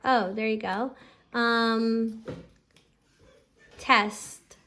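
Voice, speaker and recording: A patient mother talks through a reading lesson at home in a fairly high voice. She stretches out each letter sound slowly for her child. She explains every step plainly. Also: steady tone, a little hiss or hum. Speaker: homeschooling parent teaching phonics. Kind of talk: instructional explanation to camera.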